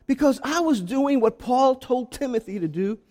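A man preaching a sermon as pastor, swinging from hushed, low asides to loud, shouted lines. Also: animated, normal speed, big-room sound. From South Carolina.

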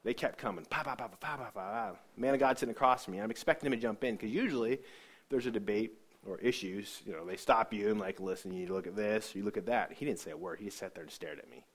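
Earnest man with a low voice, testifying. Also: husky. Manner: earnest, halting, repeats himself when moved. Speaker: speaker sharing a faith testimony. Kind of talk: emotional personal testimony.

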